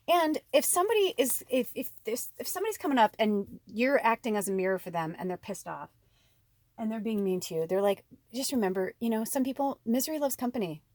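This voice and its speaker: A woman's voice: on the high side, expressive, fairly quick, darkish tone, no room sound. Chatty woman tarot reader, dry sound. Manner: rambling, chatty, swears casually. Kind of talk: casual spiritual chat.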